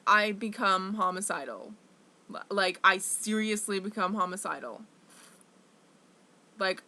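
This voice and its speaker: Bright-voiced woman ranting with profanity. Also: mid-range voice, expressive, unhurried, pauses often. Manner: profane, rambling, full of "like", bursts into loud anger. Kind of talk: candid confessional monologue.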